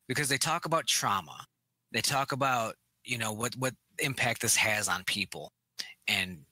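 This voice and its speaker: A man's voice: lowish voice, sharp tone, no echo. A man co-hosting a casual movie review podcast, animatedly retelling scenes, acting out characters' lines and swearing freely. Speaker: podcast co-host.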